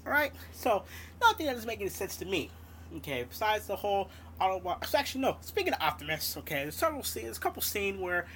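A woman's voice: mid-range voice, sing-song, fast talker, a bit bright, slight background noise. A woman delivering a heated, sarcastic, heavily profane movie rant on her audio show, with many restarts.

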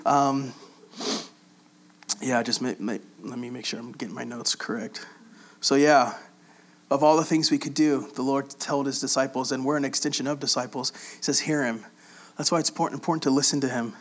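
A man preaching in a relaxed, conversational way, reading scripture aloud and explaining it with frequent pauses and fillers. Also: on the high side. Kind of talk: casual Bible teaching.

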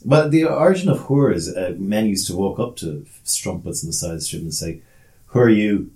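Irish guy joking around on a podcast, low voice that bounces up and down, echoey room. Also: expressive, a little fast, warm tone. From Ireland. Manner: joking, playful with words. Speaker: podcast host. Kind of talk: casual chat.

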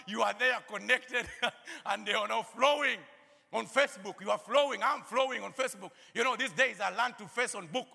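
A man preaching a sermon, saying "you know" often, laughing between phrases and rising to shouted calls at his peaks. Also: very high-pitched, normal speed, gravelly, husky. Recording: long hall reverb.

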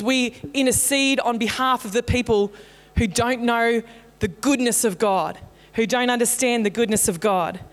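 A woman pastor preaching a sermon in a conversational, playful storytelling way. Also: a little high. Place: church auditorium. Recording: long hall reverb in a church.

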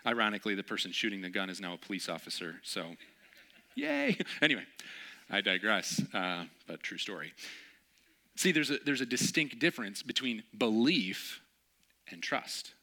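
A man's voice: fairly low pitch, moderate pace, sharp tone. A man preaching a sermon in a conversational way, telling personal stories and acting out the voices of the people in them. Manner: conversational, acts out friends' voices in stories, laughs often. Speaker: pastor.

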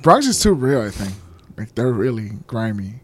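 A man co-hosting a casual chat, talking in slang with animated storytelling and joking asides. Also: medium pitch, moderate pace, a little hiss or hum. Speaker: podcast co-host.

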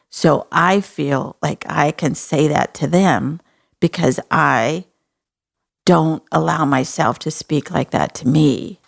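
A woman's voice: fairly low pitch, gravelly. A woman from Texas with a Texan accent, hosting a podcast in a folksy, earnest and compassionate way. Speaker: podcast host. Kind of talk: casual interview chat.

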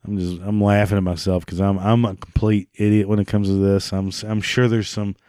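A man's voice: fairly low pitch, flat delivery, a little fast, a little mellow, clear, resonant tone, no room sound, clean studio sound. Foul-mouthed man ranting sarcastically. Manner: sarcastic, profane, mocking. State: prone to coughing fits. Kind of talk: ranting monologue.

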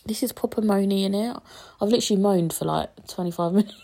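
Her medium-pitched voice is warm and creaky, and she speaks fast. The woman, in her 20s, hosts a solo podcast casually while sick and upset, rambling with plenty of fillers and some cursing.

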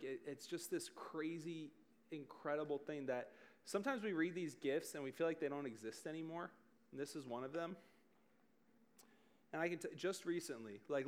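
A man in his thirties preaching a casual sermon to a group, telling stories in a chatty, animated way and often laughing at himself. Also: a little high. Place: church service in front of a group.

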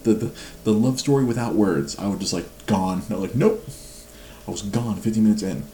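A man's voice: lowish voice, fairly quick, warm tone, reverberant, a little hiss or hum. A man in his forties chatting casually at home at night, laughing a lot and mocking himself. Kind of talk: casual chat.

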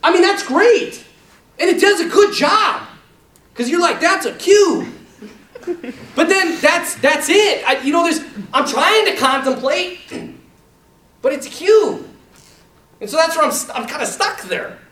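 A man's voice: very high-pitched, a little slow. A man who is a Catholic priest, talking casually to a group and telling a story with lots of laughter and acted-out quotes. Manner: animated, laughs often, acts out quotes. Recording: roomy hall, distant mic.

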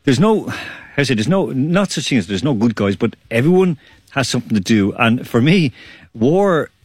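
A man's voice: medium pitch, big pitch swings, breathy edge, no echo, studio quality, soft background music. A man from Ireland, co-hosting a sports radio show in a rambling, laughing, casual way. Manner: rambling, laughs often, talks fast. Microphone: studio microphone.

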